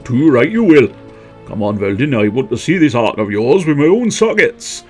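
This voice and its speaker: A man's voice: medium pitch, big pitch swings, moderate pace, a little mellow, soft background music, pitched above the performer's own voice, close to an everyday voice. A man doing a Welsh skeleton sergeant. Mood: hearty. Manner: barking, hearty drill-sergeant tone. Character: gruff undead skeleton army sergeant.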